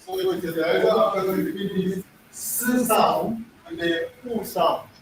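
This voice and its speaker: A man's voice: high voice, a little slow. A middle-aged man teaches pronunciation to a class. He repeats words and quizzes the students. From Nigeria. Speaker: language teacher. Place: echoey classroom. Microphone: far room mic. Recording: echoey room, distant mic, faint noise.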